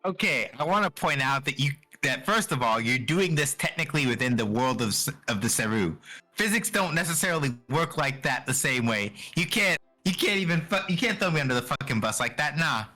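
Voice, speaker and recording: A man's voice: mid-range voice, expressive, fairly quick, pushed and bright, faint music behind. A man co-hosting a game stream, laid-back and explaining game rules with casual swearing. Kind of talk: casual livestream banter.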